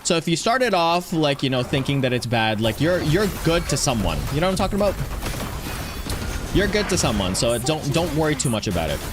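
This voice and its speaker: A man's voice: on the high side, very animated, fairly quick, over music. A man streaming a video game, chatting casually and rambling while he greets viewers by name. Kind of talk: casual chat while playing.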